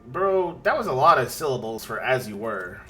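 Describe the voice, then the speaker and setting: A man's voice: mid-range voice, sing-song, moderate pace, a bit bright, soft background music. A man streaming a video game, rambling and joking as he explains it. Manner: rambling, self-interrupting, jokey. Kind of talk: casual gaming commentary.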